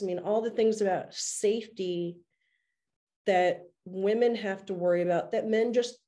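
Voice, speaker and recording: A woman's voice: medium pitch, fairly even intonation, moderate pace, warm tone. A woman co-hosting a podcast, talking earnestly and at length in a casual discussion, now and then laughing at herself. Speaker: podcast co-host.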